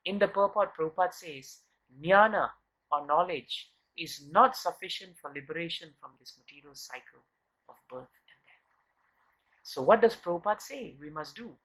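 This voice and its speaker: A man with a high, expressive, fairly bright voice leads an earnest devotional class on scripture, captured in a rough recording. He repeatedly poses rhetorical questions and repeats words to press his point, and during stories his pace slows and quickens as phrases frequently trail away.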